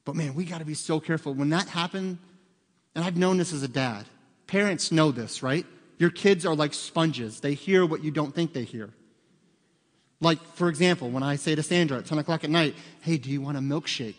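A man in his forties, a pastor preaching a sermon in a church, telling stories conversationally and getting loud and excited to make a point. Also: on the high side, moderate pace. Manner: conversational storytelling, rising loud and excited for emphasis. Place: church sanctuary. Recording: long hall reverb.

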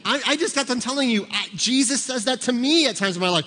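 Animated preacher man in a reverberant hall. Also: high-pitched, a little fast. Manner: animated, acts out little scenes, shouts for emphasis. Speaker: pastor. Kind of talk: sermon.

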